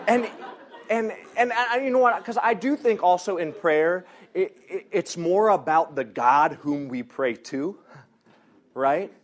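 A man preaching by telling a personal story, animated, laughing often and acting out the people in it. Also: sits high. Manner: animated, laughs often, acts out others in quotes. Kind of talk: storytelling sermon.

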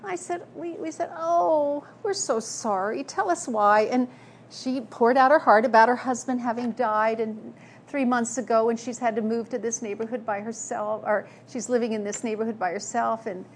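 A woman's voice: on the high side, fairly even intonation, normal speed, a little hiss or hum. A woman preaching a sermon, telling personal stories in an earnest way with frequent restarts. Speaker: speaker.

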